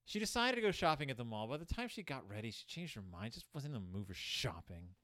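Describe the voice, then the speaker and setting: This young male host talks fast at a medium pitch while mocking a children's book with sarcastic, comic commentary. He's animated and keeps putting on voices, and the studio-quality audio carries no echo.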